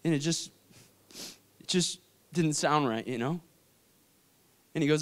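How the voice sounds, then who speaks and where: A young adult man telling an emotional personal story in a faith talk, swinging from hushed to intense. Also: a little high, unhurried. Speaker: speaker.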